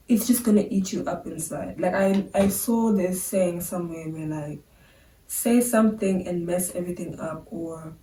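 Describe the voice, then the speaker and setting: Young woman chatting candidly to camera, lowish mellow voice, kinda echoey and far off. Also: slight background noise. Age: young adult. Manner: chatty, filler-heavy, candid. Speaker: vlogger. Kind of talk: casual talk to camera. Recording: roomy sound, a bit far from the mic.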